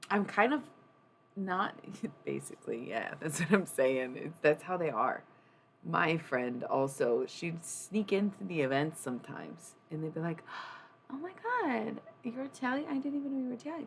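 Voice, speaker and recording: A woman's voice: deep voice, gravelly, slight background noise. A young adult woman chatting casually on a livestream, rambling and swearing freely. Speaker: streamer.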